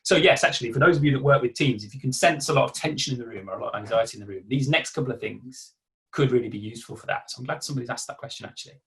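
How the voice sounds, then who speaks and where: A man's voice: mid-range voice, rapid-fire, a bit bright. Man leading an online workshop. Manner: conversational, uses acted self-talk examples. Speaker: workshop presenter. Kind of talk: live online workshop talk. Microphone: video call.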